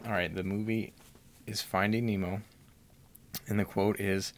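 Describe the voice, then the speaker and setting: A young man with a very deep voice talks slowly over a video call. He is easygoing and quick to apologize, and he drawls his words out in an unhurried way. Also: little pitch movement. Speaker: game player. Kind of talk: casual chat.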